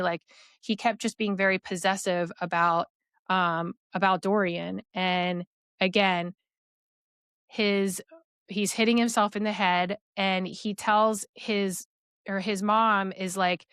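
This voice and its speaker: A woman's voice: medium pitch, steady tone, measured pace, a bit bright, clear, resonant tone, no room sound, studio quality. A young adult woman, a podcast guest, tells a personal story in a rambling way full of "like" fillers.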